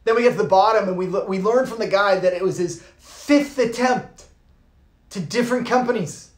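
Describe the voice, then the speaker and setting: A man, a yoga teacher, giving an informal talk and telling a lively story, swearing casually and acting out the people in it. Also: sits high, moderate pace. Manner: animated, swears casually, acts out voices. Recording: roomy echo.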